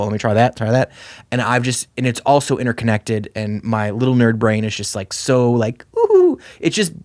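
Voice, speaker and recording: A man in his thirties co-hosting a podcast, talking in a loose, animated, rambling way with lots of fillers. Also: mid-range voice, no echo, clean studio sound. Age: 30s. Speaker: podcast co-host. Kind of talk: casual chat.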